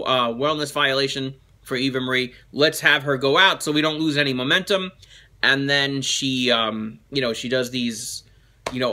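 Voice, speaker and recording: A man hosting a toy show, reading fan mail in a chatty, animated way with frequent laughs and asides. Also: high voice. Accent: New Jersey.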